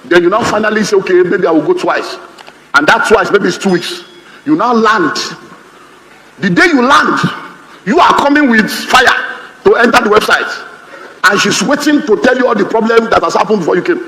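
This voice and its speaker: Nigerian male pastor, high voice, playful sermon delivery in a reverberant hall. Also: normal speed, slight background noise. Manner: humorous, lively, mimics others' voices. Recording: reverberant hall, faint ambience.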